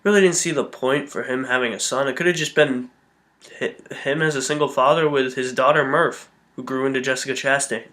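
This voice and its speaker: A man's voice: medium pitch, fairly even intonation, a little fast, fairly bright tone. A man giving a blunt, opinionated movie review in a casual manner, swearing now and then. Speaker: film reviewer.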